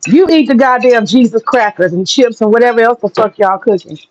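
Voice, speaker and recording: A high-pitched woman rants to her livestream chat in a blunt, profane, laughing way. Her voice comes through a dull, lo-fi recording with a faint hiss underneath. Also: brisk, a little mellow. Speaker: streamer. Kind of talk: casual livestream rant to chat. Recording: dull lo-fi sound with faint noise.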